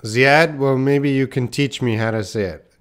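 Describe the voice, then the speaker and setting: A man's voice: mid-range voice, unhurried, clean tone. A man teaching English in a live online lesson, casual and self-deprecating, reacting to viewers by name as he tries tongue twisters.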